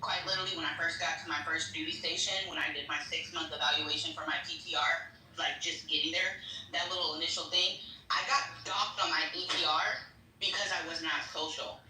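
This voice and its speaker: A woman telling stories in a casual chat, blunt and quick to swear. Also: low-pitched, fairly even intonation, pushed and bright, slight background noise. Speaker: guest. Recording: roomy and distant.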